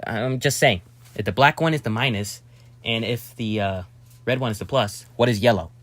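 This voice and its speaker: A young man casually narrating a hobby build, rambling and talking to himself with sudden excitable outbursts. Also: mid-range voice, normal speed, no echo.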